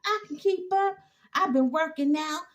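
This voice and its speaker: A woman's voice: sits high, moderate pace, pitched above the performer's own voice, natural voice. A woman voicing an eager young man who insists and pleads in a whiny way. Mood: pleading.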